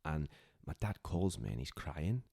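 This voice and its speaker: Deep-voiced man, earnest and halting. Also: sing-song, gravelly, dark tone, breathy edge. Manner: earnest, heartfelt, halting with many restarts. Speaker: podcast guest. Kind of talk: candid personal storytelling.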